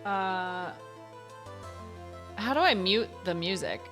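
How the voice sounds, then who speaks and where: A woman's voice: mid-range voice, expressive, takes it slowly, over music. Giggly young woman streamer. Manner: giggly, chatty with chat. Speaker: gaming streamer. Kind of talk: casual game commentary.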